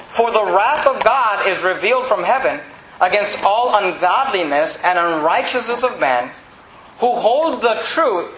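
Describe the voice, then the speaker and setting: Male pastor, very high and bright, emphatic Bible-study preaching that climbs into shouts; echoey hall sound. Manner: emphatic, often raising his voice. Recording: echoey room, faint background noise.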